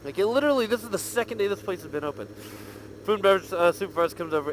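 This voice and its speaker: Talking very fast in a high voice, this man is a motovlogger riding his motorcycle outdoors, recording on a helmet mic. He's animated and laughing as he tells a profane hotel story for a casual vlog, with slight background noise behind him.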